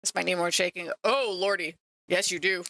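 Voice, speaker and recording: A woman's voice: lowish voice, steady tone, normal speed, bright, forceful tone. A woman streaming live while painting miniatures, chatting to viewers in a self-mocking way. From Canada. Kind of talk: casual livestream chat.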